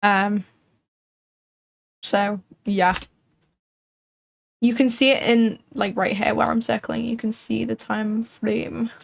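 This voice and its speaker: A woman talks through her trading screen on a live stream in a loose, chatty way, full of filler words as she thinks aloud. Her voice sits a little high and carries a gravelly fry. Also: flat delivery, slow, pauses often. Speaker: livestream trading host. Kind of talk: casual live commentary.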